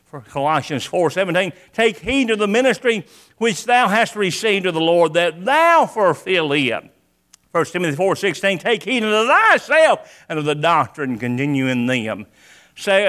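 A man's voice: fairly high pitch, a bit bright. A man preaching a sermon, reading scripture with dramatic rises and adding folksy, plainspoken asides.

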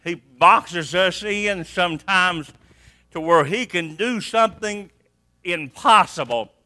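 Male preacher, high bright voice, slow deliberate delivery, dramatic swings from hush to shout. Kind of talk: sermon.

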